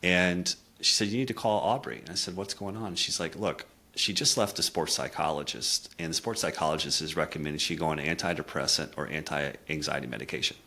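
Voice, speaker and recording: This bass-voiced man, a middle-aged communication coach, shares a frank personal story a little quickly and with few pauses. His manner is sincere and thoughtful, and he softens at the emotional points.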